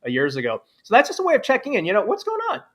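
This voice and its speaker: A man who gives keynotes and coaches leaders, chatting casually in a live panel and acting out quoted self-talk with lively energy. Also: sits high, very fast.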